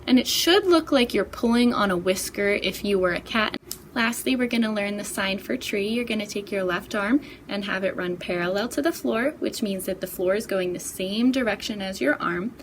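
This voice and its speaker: A woman, a children's librarian, patiently giving clear step-by-step directions for baby signs. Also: medium pitch, normal speed, background noise. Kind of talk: step-by-step baby sign instruction.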